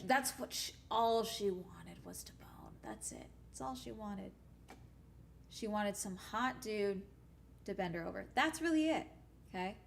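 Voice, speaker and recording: A young woman streaming and chatting casually, telling stories in a blunt, profane, animated way. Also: medium pitch, gravelly, a little hiss or hum.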